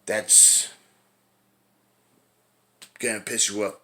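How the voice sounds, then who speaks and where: In a fairly low, flat voice that's pushed and bright, this middle-aged man draws out his words as he vents on camera. A fitness vlogger, he rambles casually, swears often, and habitually tacks on "right?"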